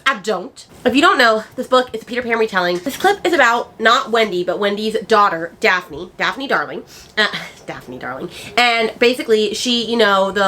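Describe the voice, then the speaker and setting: A woman's voice: mid-range voice, sharp tone, a little hiss or hum. A woman book vlogger chatting casually and ranting with exasperated asides. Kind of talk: casual chat.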